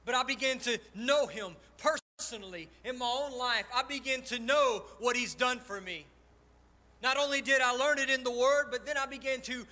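Man, pastor, high bright voice, passionate sermon delivery in a church. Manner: impassioned, personal testimony, swings loud and soft. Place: church sanctuary.

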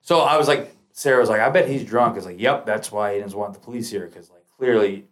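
A man's voice: fairly low pitch, fast talker. A man, a podcast guest telling a long story casually, with lots of swearing and acted-out quotes. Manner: profane, animated, acts out quoted lines.

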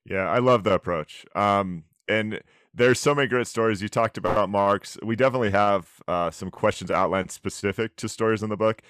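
A man's voice: lowish voice, moderate pace, a bit bright, clean tone, no room sound, studio quality. A man interviewing an author, asking friendly, curious questions. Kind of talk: interview conversation.

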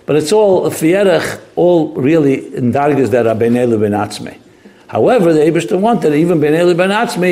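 A man's voice: medium pitch, vocal fry, a little mellow, slight background noise. A man teaching a text study lesson, thinking aloud with restarts and mixing in Hebrew terms. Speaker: Torah teacher. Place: study hall classroom.

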